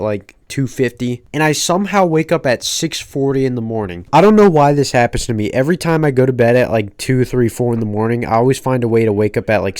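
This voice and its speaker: A young man in his late teens telling a rambling, profane story in a casual, deadpan way. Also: on the low side, clean tone, dry recording. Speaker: storytelling vlogger.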